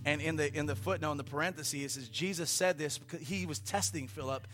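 A man preaching a conversational sermon in a church, telling a story in an animated way with playful asides. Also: a little high, fast. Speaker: pastor.

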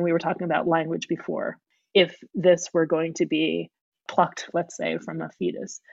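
A woman's voice: lowish voice, gravelly, darkish tone, husky, no echo, muffled recording. A woman speaking as a guest, thinking aloud carefully and often restarting her sentences. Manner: thoughtful, searching, frequent restarts. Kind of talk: reflective conversation.

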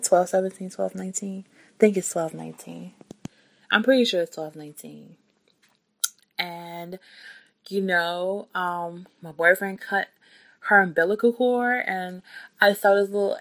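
A woman's voice: on the low side, fairly bright tone. A young woman casually telling her birth story, chatty and rambling, with many fillers and restarts.

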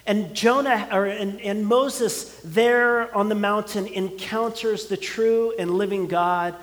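A man's voice: high voice, steady tone, takes it slowly, a bit bright, long reverb tail. A man preaching a sermon, building emphasis with repeated words and phrases. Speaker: pastor.

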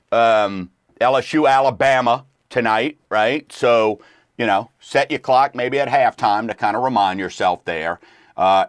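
A man's voice: medium pitch, dry recording, clean studio sound. Laid-back rambling man. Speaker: radio show host. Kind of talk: casual chat.

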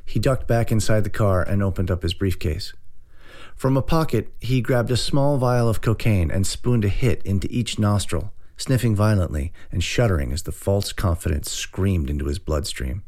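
A man narrating an audiobook in a steady, dry storytelling way. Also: on the low side, moderate pace.

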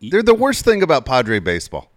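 A blunt, wry man co-hosting a sports podcast, his pitch moving freely in casual talk. He is profane and matter-of-fact. The recording is dry and close, with no room sound. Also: wildly swooping pitch, a little fast, dry recording.

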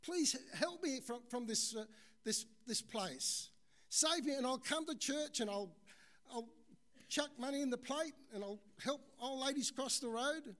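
A preacher voicing a panicked man dangling from a cliff branch, yelling and pleading desperately for help. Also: very high-pitched, unhurried, pitched above the performer's own voice.

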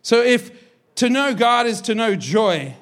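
A man in his thirties, a pastor, preaching a sermon in an energetic, jokey, conversational way. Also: very high-pitched, unhurried.

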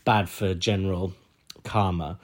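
A man's voice: low voice, steady tone, a little slow, slight background noise. A young man chatting casually as a podcast co-host, rambling and laughing often. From United Kingdom. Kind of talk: casual chat.

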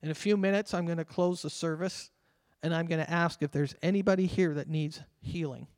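A male pastor preaching a sermon, earnest and fervent, slowing down to read scripture aloud. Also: fairly high pitch, steady tone, darkish tone. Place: church sanctuary. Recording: long reverb of a church hall.

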